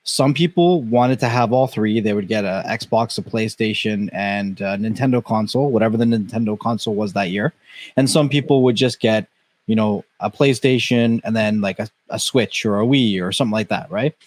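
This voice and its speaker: A man's voice: fairly low pitch, no echo. A man co-hosting a casual tech podcast, musing aloud in a conversational way. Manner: musing, conversational, uses "you know" and "right". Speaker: podcast co-host.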